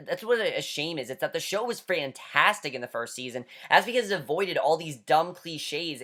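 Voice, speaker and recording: A vlogger rants casually about a TV episode in a mid-pitched voice. The delivery is exasperated and mocking, with frequent swearing and a habit of repeating "honestly". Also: fairly bright tone. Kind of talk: casual rant.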